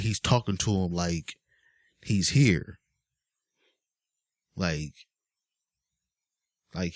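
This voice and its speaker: Low-voiced man ranting casually. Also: no room sound, clean studio sound. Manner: exasperated, rambling with many fillers. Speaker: vlogger. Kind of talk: casual rant to camera.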